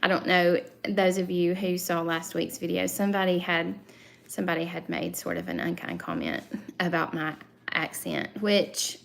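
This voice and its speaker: A woman's voice: on the low side, expressive, normal speed, gravelly. A woman in her thirties with a thick Southern US accent, hosting a casual live-stream chat, rambling with lots of fillers and restarts. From Southern United States. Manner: chatty and rambling, many fillers and self-corrections. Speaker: channel host.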